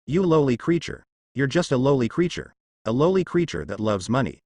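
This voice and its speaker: A man's voice: mid-range voice, sing-song, fairly quick, darkish tone, dry recording, clean studio sound. A man voicing an arrogant raging god. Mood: furious ranting. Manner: ranting, contemptuous. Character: arrogant scheming male god, furious and proud.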